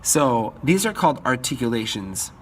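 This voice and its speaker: A man's voice: mid-range voice, sing-song, normal speed, fairly bright tone, slight background noise. A man teaching music composition in a screen-recorded tutorial, upbeat, stopping now and then to scat-sing the melodies.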